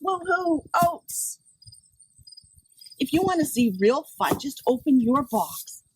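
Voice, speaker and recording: A woman reading a picture book aloud to children outdoors at a farm, pausing to chat with the kids. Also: on the high side, big pitch swings, low-quality recording. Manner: slow, gentle, talks to the kids between pages. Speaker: children's storytime reader. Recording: camera set back, faint outdoor noise with insects.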